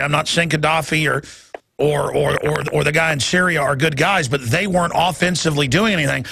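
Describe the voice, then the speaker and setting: Gravelly, forceful radio host. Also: male voice, a little high, no room sound. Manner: rapid, halting, piling up repeated words. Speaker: radio talk show host. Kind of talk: talk radio hosting. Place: radio studio.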